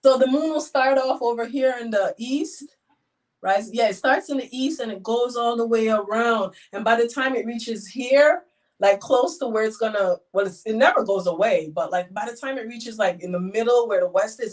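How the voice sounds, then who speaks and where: A woman guest telling personal stories in a casual, emotional, animated way, with wide swings in how she speaks. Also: mid-range voice. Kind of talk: casual storytelling. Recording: voice a bit far from the mic.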